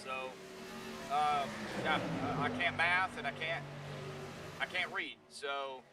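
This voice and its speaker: A man with a drawl calls a sim race at an unhurried pace, slightly high-voiced. He jokes at his own expense between calls. He sits back from the mic, with plain noise behind him. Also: fairly even intonation. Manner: laid-back, self-deprecating banter between calls. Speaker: race commentator. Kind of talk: sim racing play-by-play commentary. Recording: distant mic with clear background noise.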